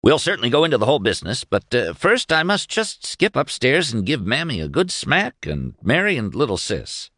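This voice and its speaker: A man's voice: mid-range voice, huge pitch swings, fairly quick, few pauses, fairly bright tone, dry recording, studio quality, pitched above the performer's own voice. A man voicing a pompous, overly cordial young male lawyer with stiff, formal, senatorial speech in an audiobook reading.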